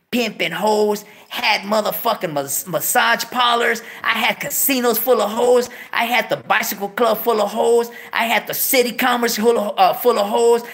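A man hosting a show, telling a long profane story and breaking into high yelps of disbelief. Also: fairly bright tone. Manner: swears constantly, bursts into high yelps of disbelief. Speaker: show host.

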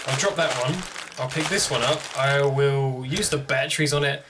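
A man's voice: medium pitch, fairly even intonation, normal speed, background noise. A young man commenting on a horror game as he plays, jumpy and joking to himself. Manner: jumpy, jokey, talking to himself. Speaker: gaming video host.

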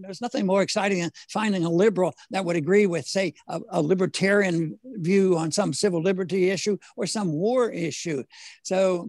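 An older man, a former congressman, talking as an interview guest in a halting way with many fillers, restarts and the odd chuckle. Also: sits high, vocal fry, no echo. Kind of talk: casual interview conversation.

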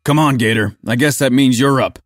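A man voicing a gruff, lazy police sergeant who growls his blunt, crude orders. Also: medium pitch, brisk, no room sound, clean studio sound, voice pushed up, natural voice. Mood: grumbling.

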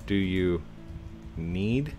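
A man with a deep, low-pitched voice narrates his gameplay in a relaxed, unhurried way. He chats to himself and his viewers and tosses in playful little sound words. Faint music plays behind him. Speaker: YouTube gamer. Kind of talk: casual let's-play commentary.

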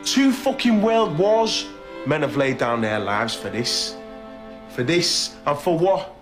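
An actor playing a volatile, menacing skinhead ringleader in a film, ranting aggressively with heavy swearing, with music underneath. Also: male voice, on the high side, sing-song, slow. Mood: furious ranting. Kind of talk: film drama acting.

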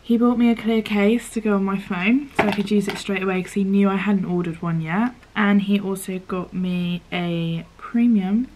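This UK vlogger, a young woman, talks her way through a casual unboxing, cursing lightly and whispering when reading from the screen. Her mid-range, darkish voice holds a fairly even intonation at a moderate pace with hardly any pauses, over a little hiss or hum.

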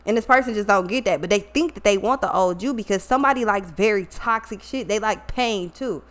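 A woman's voice: mid-range voice, a little fast. Blunt, profane woman reading tarot. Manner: animated, trailing off into asides. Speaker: tarot reader. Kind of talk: casual tarot reading to viewers.

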